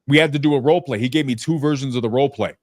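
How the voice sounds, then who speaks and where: A man hosting a casual business podcast who tells stories bluntly and profanely and slips into lively impressions of people. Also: mid-range voice, very fast, no echo, studio quality. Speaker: podcast host.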